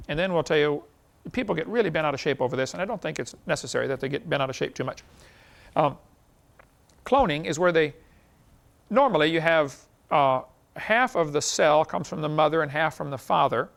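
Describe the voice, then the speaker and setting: Gravelly-voiced man lecturing. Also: on the high side, lively intonation, a little fast, fairly bright tone. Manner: folksy, chuckles at his own stories. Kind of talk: classroom lecture with anecdotes.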